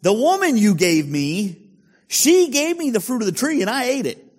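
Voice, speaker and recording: A man's voice: very high voice, sing-song, normal speed, darkish tone, breathy edge, pitched above the performer's own voice, heavily acted. A man voicing the first man with a Southern accent, whining and shifting the blame. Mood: defensive.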